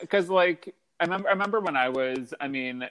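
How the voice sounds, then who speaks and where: A man in loose conversation, tossing out quick jokes and cheering the others on. His voice sits at an ordinary middle pitch. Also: fairly bright tone. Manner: quick, joking banter with frequent agreement. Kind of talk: casual chat.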